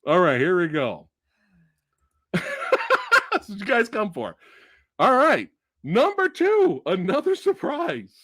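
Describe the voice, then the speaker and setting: A man hosting a movie review show, ranting excitedly and profanely with loud bursts. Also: high voice, takes it slowly, pauses often, slightly rough, dry recording, clean studio sound. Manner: animated, profane, shouting bursts. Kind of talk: excited film review rant.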